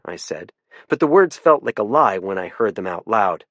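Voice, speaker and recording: A man's voice: low voice, very animated, moderate pace, fairly bright tone, dry recording, highs cut off. A man narrating a first-person mystery audiobook in a dry, understated manner.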